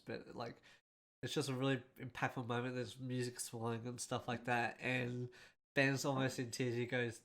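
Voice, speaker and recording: A man's voice: medium pitch, vocal fry, fairly bright tone. A man hosting a casual film breakdown, speaking in a rambling and emotional way with a congested, nasal voice. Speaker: host.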